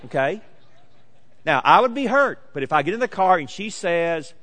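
A man in his late forties delivers a sermon in a bright, ringing voice pitched a little high for a man. He swings from loud, emphatic declarations to hushed, close asides. A long reverb from the church hall trails each phrase. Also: expressive, normal speed. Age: 40s. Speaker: pastor.

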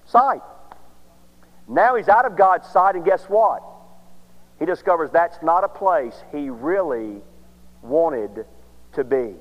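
A man preaching a sermon, with dramatic pauses and sudden swings between loud and soft. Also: on the high side, expressive. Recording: muffled recording of a large echoing hall.

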